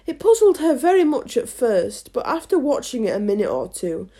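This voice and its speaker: A woman reading a classic children's storybook aloud in a lively, expressive way. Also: a little high, moderate pace, slightly rough. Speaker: audiobook reader.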